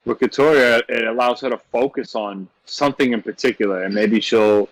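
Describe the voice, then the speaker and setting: A man's voice: medium pitch, steady tone, brisk, no room sound, poor audio. A man co-hosting a casual podcast, laid-back, often asking "you know what I'm saying". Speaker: podcast co-host.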